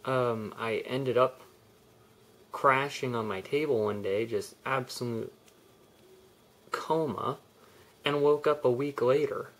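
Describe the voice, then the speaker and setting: A man's voice: mid-range voice, slow pace, pauses often. Young man telling a personal story. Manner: candid, rambling, with frequent restarts and laughs. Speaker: vlogger. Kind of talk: personal confessional vlog.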